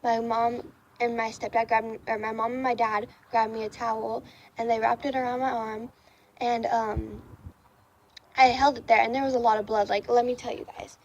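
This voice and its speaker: A young woman vlogger talks straight to her camera in a casual storytime. Her voice sits a little high, and she rambles through the tale with plenty of ums, likes and false starts. A faint hiss runs underneath. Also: little pitch movement, moderate pace, muffled recording. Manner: rambling, many fillers and restarts. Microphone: camera facing speaker.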